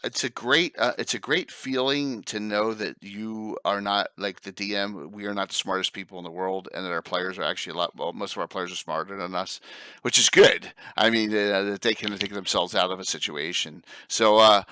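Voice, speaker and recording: A man hosting a casual panel chat, sounding energetic and laughing often as he calls on each guest. His voice has a bright, forceful edge and sits a little low in pitch. The sound is dry, with little room in it. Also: moderate pace, clear, resonant tone, dry recording. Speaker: host of a game masters' roundtable.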